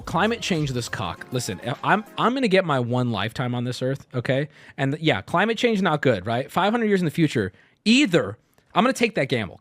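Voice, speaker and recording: While streaming, a man offers offhand commentary laced with crude humor, veering between loud ranting and quiet muttering.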